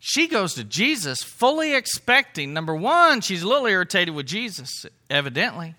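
A man's voice: sits high, sing-song, moderate pace, sharp tone. A man preaching a sermon, telling stories and putting questions to his listeners. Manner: storytelling, asks the congregation questions. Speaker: pastor.

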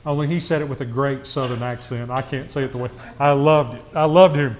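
A man preaching a conversational sermon to a church congregation, asking rhetorical questions and swinging from quiet asides to raised, emphatic passages. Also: medium pitch, fairly even intonation, a little fast, a little hiss or hum.

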